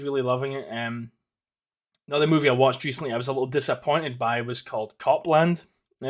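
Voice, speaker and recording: A Scottish man in his thirties hosting a casual solo podcast. He rambles and swears, with plenty of ums and restarts. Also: mid-range voice. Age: 30s. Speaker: podcast host.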